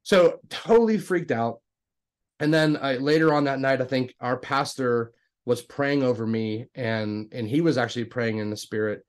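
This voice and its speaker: Man, storyteller guest, lively and talkative, jumps up in pitch when he voices the people in his story, average-pitched natural voice. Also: normal speed. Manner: animated, acts out dialogue with raised pitch; self-described jokester, talkative with many restarts. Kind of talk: casual storytelling.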